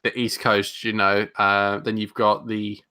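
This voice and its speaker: A man with a London accent chats animatedly on a podcast, often breaking off and restarting his sentences. His voice sits low but sounds bright and forward, in a casual conversational style. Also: measured pace. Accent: London English. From England. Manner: animated, rambling with many restarts. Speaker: podcast co-host. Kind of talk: casual chat.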